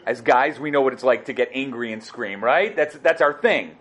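A man teaching a Torah class, talking in a rapid, animated, conversational way. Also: mid-range voice.

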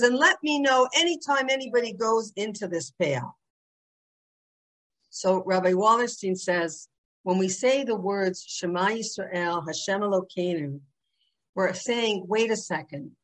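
A woman giving a religious class, telling the story with lively rises and drops in her voice. She acts out the quoted speakers with her own voice and keeps a teaching tone throughout. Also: mid-range voice. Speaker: Torah teacher.

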